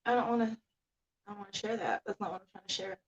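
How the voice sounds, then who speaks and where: A woman's voice: medium pitch, fairly even intonation, quick pace, muffled recording. Casting: woman livestream host, blunt and profane, rambling rants into a laptop mic. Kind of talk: casual ranting livestream.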